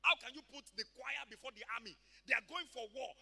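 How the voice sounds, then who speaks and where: A man with a Nigerian accent preaching a sermon in an animated way, laughing often and swinging between hushed tones and shouts. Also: very high-pitched, fast talker, vocal fry, slightly rough, big-room sound. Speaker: pastor.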